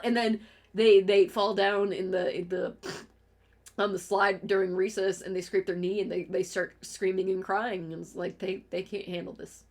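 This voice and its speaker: A woman's voice: mid-range voice, fairly even intonation, moderate pace. A woman streamer in a casual, profane rant, heated and exasperated, firing off complaints with restarts. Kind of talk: casual ranting commentary.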